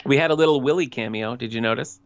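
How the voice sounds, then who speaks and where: A man's voice: medium pitch, quick pace, clear, resonant tone. Laid-back man podcast co-host, dry jokey asides, slightly muffled lo-fi sound. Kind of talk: casual TV episode recap chat. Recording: slightly dull lo-fi audio.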